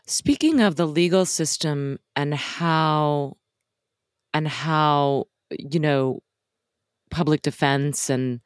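A woman co-hosting a podcast in relaxed, wry casual chat. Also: sits low, slow pace, no echo, studio quality. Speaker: podcast co-host.

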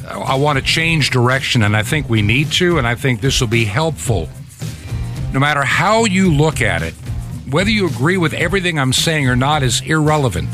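A man hosting a talk radio show, speaking in a blunt, opinionated, plainspoken way. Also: medium pitch.

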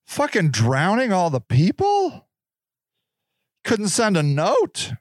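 A man's voice: high-pitched, wildly swooping pitch, slow pace, dry recording, studio quality. A man in his sixties hosting a podcast, ranting in a profane, sarcastic way and laughing at himself. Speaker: podcast host. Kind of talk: casual ranting monologue.

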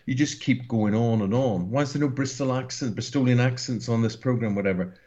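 A man's voice: medium pitch, brisk, darkish tone. A man in his sixties with a Northern Irish accent, speaking as an interview guest in emphatic, passionate runs. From Northern Ireland. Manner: emphatic, passionate, talks in long rallying runs. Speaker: guest broadcaster. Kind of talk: interview conversation. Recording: dull lo-fi sound.

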